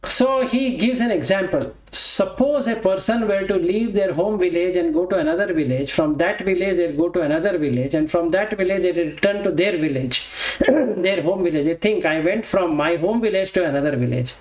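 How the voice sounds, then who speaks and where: A man teaching a Buddhist text, explaining slowly with pauses and self-corrections. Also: high voice, reverberant, poor audio. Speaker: dharma teacher.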